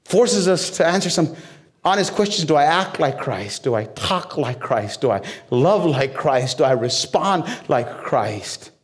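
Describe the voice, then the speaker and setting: A man preaching a sermon in a fairly high voice. He talks to the congregation like he is chatting with them, asks them questions and cracks jokes. Then he builds up to loud, soaring peaks. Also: lively intonation, measured pace. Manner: conversational with humor and direct questions to the crowd. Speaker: pastor.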